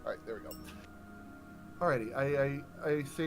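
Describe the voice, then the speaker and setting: A man playing a tabletop game, speaking politely and haltingly and turning quiet when he speaks as his character. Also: mid-range voice, music in the background. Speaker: player. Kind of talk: casual chat.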